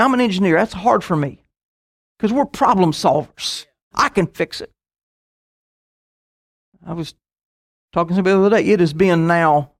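Casting: middle-aged male preacher, high-pitched, storytelling sermon with quick asides. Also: vocal fry.

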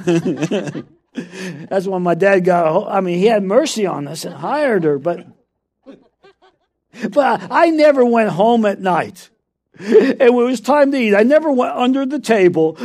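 A man's voice: high-pitched, lively intonation, measured pace, long pauses, a little mellow. A middle-aged man preaching a sermon, telling a story with frequent laughter and repeated calls of "come on".

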